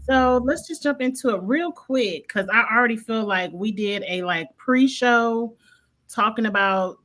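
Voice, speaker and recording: A woman's voice: on the high side, measured pace. A woman hosting a review panel, chatting casually and moving the talk along. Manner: relaxed, conversational, steers the topics. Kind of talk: casual chat.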